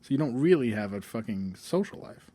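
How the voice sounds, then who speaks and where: A man co-hosting a casual podcast, wry and joking, quick to break into a laugh. His voice is mellow and soft-edged, at an average pitch. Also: lively intonation. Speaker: podcast co-host. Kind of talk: casual chat.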